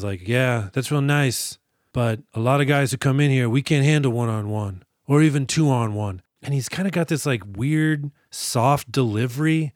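Dude podcast host riffing on a movie, cussy and animated, very dry sound. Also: male voice, mid-range voice, dry recording. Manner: animated, profane, jokey recapping. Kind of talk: casual chat about a film.

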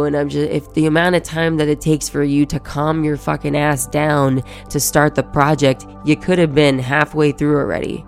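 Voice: mid-range voice, little pitch movement, moderate pace, creaky, hardly any pauses, soft background music. A podcast host giving a casual, profane motivational monologue and acting out everyday inner thoughts.

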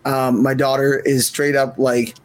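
A man's voice: medium pitch, flat delivery, a little slow. A man co-hosting a podcast, telling a rambling, joking story about being a dad in casual chat. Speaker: podcast co-host.

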